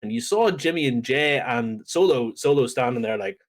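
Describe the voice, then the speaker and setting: A man's voice: mid-range voice, moderate pace, few pauses. A man co-hosting a podcast, chatting casually and animatedly as he recaps events and acts out what people said. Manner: animated storyteller, acts out quotes. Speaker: podcast co-host. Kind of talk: casual wrestling recap chat.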